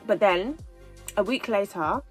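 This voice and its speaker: A woman in her twenties telling a personal story in a casual storytime vlog, animated and repeating herself as she goes. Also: mid-range voice, unhurried, faint music behind, poor audio. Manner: chatty, animated retelling with repeats. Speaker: vlogger.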